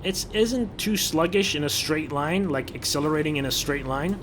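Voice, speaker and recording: A man's voice: fairly high pitch, animated, normal speed, noisy background. Chatty man narrating gameplay. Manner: chatty, repeats words while thinking aloud. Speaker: gaming video creator. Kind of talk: casual gameplay commentary.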